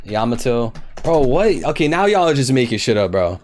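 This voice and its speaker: A man's voice: mid-range voice, sing-song, normal speed, a little mellow, slight background noise. A young man live-streaming, guessing quiz answers aloud, swearing in frustration and talking to his chat while typing.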